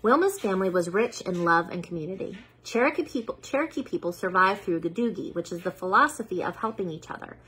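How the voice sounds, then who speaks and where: A woman reads a picture book aloud to children in a soft, breathy voice at an ordinary pitch for her. She keeps a steady storytime pace and stops now and then to sound out unfamiliar words carefully. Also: fast talker, few pauses, poor audio. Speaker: children's read-aloud host.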